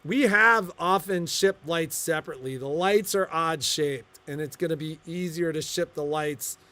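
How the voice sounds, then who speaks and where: Animated storyteller man, high voice. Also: normal speed. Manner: animated storyteller, acts out quoted dialogue. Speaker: shop co-owner and livestream host. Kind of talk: casual livestream chat.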